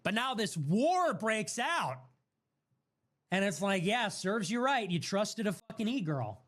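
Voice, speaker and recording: A man with a high, light voice riffs on a live stream. He rants casually and sarcastically, pushing provocative lines on purpose. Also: big pitch swings, a little slow, a bit bright.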